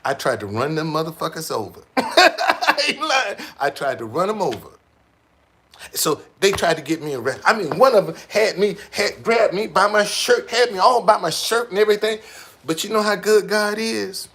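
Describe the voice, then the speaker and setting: A man telling stories casually to a small group, animated and profane, repeating words as he goes. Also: high voice, moderate pace.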